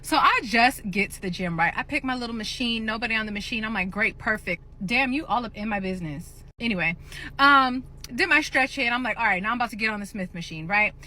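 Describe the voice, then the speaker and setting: A woman tells a heated story to her viewers, her voice sharp and bright. She sits a little high in pitch and plays out both sides of the argument. She swears freely and calls the viewers "y'all.". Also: brisk. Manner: animated, profane, acts out both sides of the argument. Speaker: gym-goer ranting to camera. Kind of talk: casual storytime rant.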